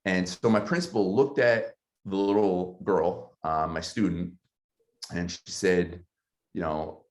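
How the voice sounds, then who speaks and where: A man who is a city councilmember and former teacher tells a personal story in an earnest, halting way, with many ums. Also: low voice, steady tone.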